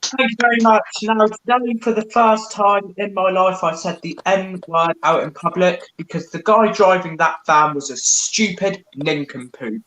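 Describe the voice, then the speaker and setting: A man's voice: sits high, normal speed, bright, forceful tone. A man doing a casual stand-up set at home during lockdown, swearing a lot. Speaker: comedian. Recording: echoey room.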